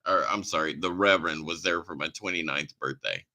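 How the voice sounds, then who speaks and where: A man's voice: rumbling low, brisk, pushed and bright, poor audio. A man in his forties hosting a podcast, tipsy and rambling, with a jokey, profane way of talking. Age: 40s. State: tipsy from drinking wine. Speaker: podcast host. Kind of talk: casual chat.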